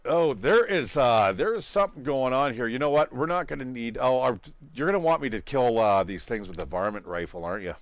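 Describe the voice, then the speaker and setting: A man's voice: medium pitch, animated, fairly quick. A middle-aged man giving casual, rambling gameplay commentary, swearing and laughing a lot. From Southern Ontario, Canada. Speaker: gaming channel host.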